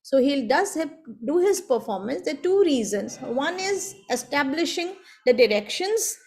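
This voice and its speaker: A woman giving an online seminar talk, explaining a traditional performance step by step in a measured way. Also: sits high, big pitch swings, darkish tone. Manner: measured, explanatory, walks through steps one by one. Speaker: seminar speaker. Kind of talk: academic lecture on traditional performance. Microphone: video call.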